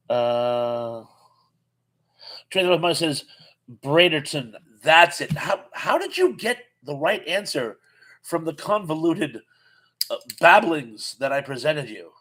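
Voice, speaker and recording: A man's voice: a little high, sing-song, slow, pauses often, fairly bright tone, rough recording. A man in his fifties hosting a casual live chat, reading viewer comments aloud and rambling with frequent restarts.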